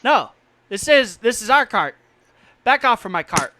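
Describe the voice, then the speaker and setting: A man voicing the rough, territorial son of a caravan driver, who speaks bluntly and drops his grammar. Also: very high voice, very animated, measured pace, bright, forceful tone, a little hiss or hum, pitched above the performer's own voice, heavily acted.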